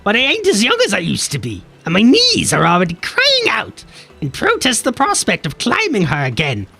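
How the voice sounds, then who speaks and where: A man's voice: sits high, huge pitch swings, moderate pace, vocal fry, pushed and bright, slightly rough, soft background music, heavily acted. Guy doing a tired older smoker mum voice, swooping all over the place as he reads out quest lines. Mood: weary. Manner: reading game quest dialogue aloud in a put-on voice. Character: older chain-smoking mum, weary and homely.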